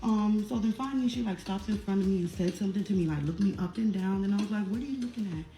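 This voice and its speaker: Young woman, casual profane storyteller, mid pitch; roomy recording, faint music underneath. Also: fast talker, mellow. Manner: blunt, profane, emphatic storytelling.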